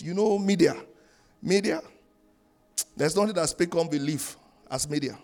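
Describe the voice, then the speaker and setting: A high-voiced man delivers a church sermon with emphatic preaching. He rises into loud, sung-out phrases and drops to low, quiet asides. Faint music sits behind him. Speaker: pastor. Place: church in Canada.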